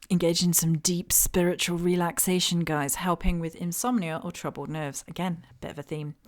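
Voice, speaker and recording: A woman hosting a witchcraft channel, narrating a slideshow in a gentle, chatty way with many ums and fond asides to her viewers. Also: lowish voice. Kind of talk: slideshow voice-over.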